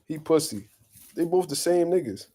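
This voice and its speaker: A young man hosting boxing talk, ranting bluntly and profanely in a casual, animated way and laughing often. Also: a little high, normal speed. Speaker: boxing commentary host.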